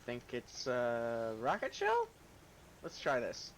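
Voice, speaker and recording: A man's voice: medium pitch, wildly swooping pitch, slow pace, a little hiss or hum. A young man co-hosting a podcast while gaming, laid-back, making short remarks and laughing. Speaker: podcast co-host. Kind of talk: casual chat while gaming.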